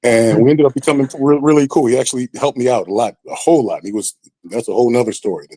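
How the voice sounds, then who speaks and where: A man telling a story on a podcast in a casual, animated way, with lively acted-out quotes. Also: medium pitch, fast, dry recording. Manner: animated, acts out quoted voices. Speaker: podcast guest.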